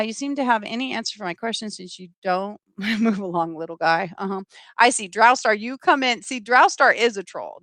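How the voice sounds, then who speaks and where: Woman host of a live stream, sarcastic and scolding, with a gravelly edge and a voice that leaps up and down. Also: medium pitch, a bit bright, no room sound. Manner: sarcastic, scolding toward trolls. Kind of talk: live political commentary, reading chat.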